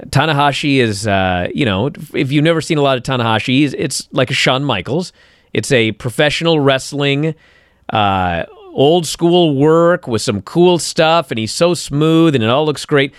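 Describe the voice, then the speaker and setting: A man co-hosting a podcast, telling a story in an excitable, animated way and acting out the moves on a close mic. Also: medium pitch, moderate pace, clear, resonant tone, dry recording. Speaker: podcast co-host. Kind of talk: excited wrestling podcast chat. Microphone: close studio mic.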